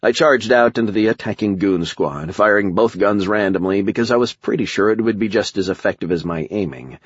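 A man's voice: on the low side, fairly quick, husky, dry recording, dull audio. A man reading a first-person action audiobook with a wry, sardonic manner. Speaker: audiobook narrator.

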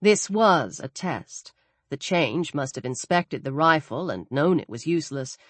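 Expressive woman narrating an audiobook. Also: low voice, unhurried, dry recording. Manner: expressive, varied delivery.

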